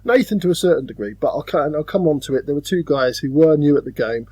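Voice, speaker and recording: A man's voice: a little high, fast talker, husky, no echo. A man co-hosting a podcast, chatting casually about board games and slipping into silly voices now and then. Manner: animated, slips into silly put-on voices. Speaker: podcast co-host.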